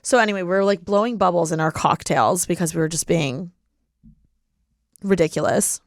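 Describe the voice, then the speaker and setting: A woman's voice: on the low side, normal speed, dry recording, clean studio sound. A young woman in her twenties hosting a podcast, chatting casually in a bubbly, giggly way with lots of filler words. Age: 20s. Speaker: podcast host. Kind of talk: casual chat. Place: living in LA.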